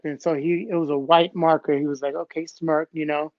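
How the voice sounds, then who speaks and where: A man guest recounting old stories in a casual, animated way, acting out what others said. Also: on the high side, moderate pace, no echo. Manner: animated, acts out quotes from others. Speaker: interview guest, b-boy. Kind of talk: casual storytelling. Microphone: phone or call audio. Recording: dull, dry call audio.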